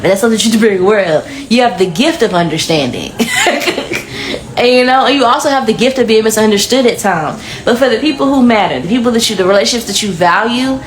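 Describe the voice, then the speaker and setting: A woman giving a casual pick-a-card tarot reading in a chatty, blunt, slangy way. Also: mid-range voice. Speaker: tarot reader. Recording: echoey room with faint music.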